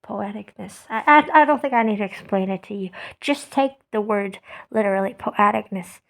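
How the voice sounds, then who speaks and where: A woman who speaks English as a second language, thinking aloud in a casual monologue with many fillers and restarts, often trailing off quietly. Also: mid-range voice, normal speed, gravelly. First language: not English. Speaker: podcaster.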